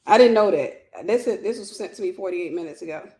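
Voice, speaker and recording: Animated woman retelling a story. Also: lowish voice, fast, reverberant. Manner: animated retelling, acts out dialogue. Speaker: vlog host. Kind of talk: storytelling vlog.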